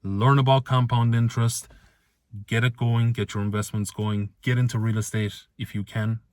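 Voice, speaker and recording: A man delivers a fired-up motivational rant straight to camera, hammering each point home by repeating it and dropping the odd swear word. His voice sits at a middle pitch. The recording is close and dry, with no room echo. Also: moderate pace. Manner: energetic, emphatic, repeats phrases; swears casually. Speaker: online business vlogger.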